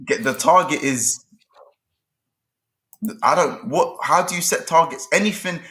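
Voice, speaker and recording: Speaking a little slowly, a young football fan panelist vents his frustration in a heated, casual debate, hammering the same points again and again. His voice is fairly high, pushed, and bright.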